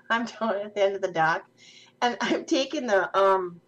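A woman's voice: mid-range voice, measured pace, fairly bright tone. A woman from Minnesota telling a funny story in casual chat, laughing often as she talks. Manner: giggly, laughs through her stories. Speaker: podcast co-host.

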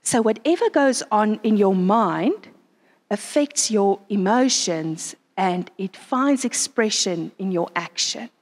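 Animated woman preaching, echoey hall. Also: mid-range voice, slow. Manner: animated, asks the crowd frequent rhetorical questions. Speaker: conference speaker. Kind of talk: sermon. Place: conference venue.

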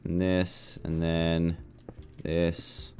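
Flustered gaming commentator. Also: male voice, sits low, monotone, drawn-out words, darkish tone, clean tone. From England. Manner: chatty, flustered, talks himself through building. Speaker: gaming YouTuber. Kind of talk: gameplay commentary.

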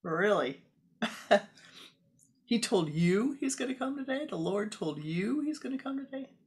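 A woman voicing mocking fellow swamis in a spoken story, using a high, loud, ridiculing voice. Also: steady tone, takes it slowly, creaky. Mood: scoffing.

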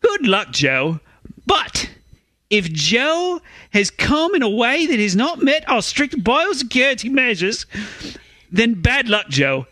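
A man putting on an exaggerated Australian accent to voice a male politician, pushing his voice up high. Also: very animated, slow pace, pushed and bright, no echo, studio quality, exaggerated voice. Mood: folksy.

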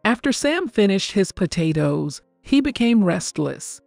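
An older woman narrating a first-person family story in a calm, even, scripted storytelling delivery. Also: medium pitch, a little slow, gravelly, few pauses, no room sound. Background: faint background music.

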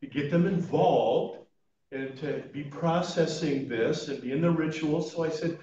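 A man who is a chaplain and funeral planning consultant, telling stories to a class in an animated, informal way and laughing at his own stories. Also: on the high side, a little slow, slight background noise. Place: church meeting room. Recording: echoey room, mic at a distance, dull sound.

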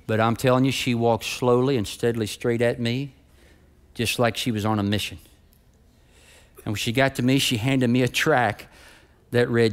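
A middle-aged man preaching a sermon as pastor. He starts with a quiet, subdued personal story and builds to loud, rising preaching. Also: medium pitch, steady tone, moderate pace, pauses often.

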